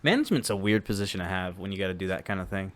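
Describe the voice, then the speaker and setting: A man's voice: deep voice, lively intonation, racing, fairly bright tone. A young man co-hosting a casual podcast chat, rambling and jokey, with lots of "like" fillers. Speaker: podcast co-host.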